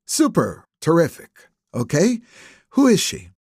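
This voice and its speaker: A man voicing a blunt middle-aged woman police chief with a slight Midwestern accent, brisk and needling. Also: a little high, very animated, darkish tone, no room sound, studio quality, pitched above the performer's own voice.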